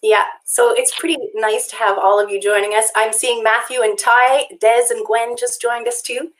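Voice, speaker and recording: High-voiced woman hosting a kids' singalong. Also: flat delivery, moderate pace. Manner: bright, encouraging, sings along. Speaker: children's music co-host. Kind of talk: children's livestream hosting and singing. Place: home.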